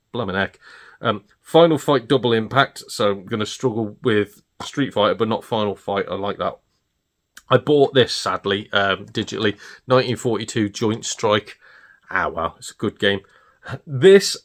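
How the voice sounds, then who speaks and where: A British man vlogging about retro game pickups, gleeful and excitable and laughing often. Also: fairly low pitch. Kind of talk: casual chat showing off purchases.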